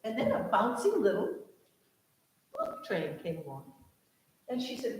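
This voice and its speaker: A woman telling an expressive children's story during a church service, leading the listeners along. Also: medium pitch, a little slow, slight background noise. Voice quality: animated, expressive. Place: large church sanctuary. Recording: echoey church hall.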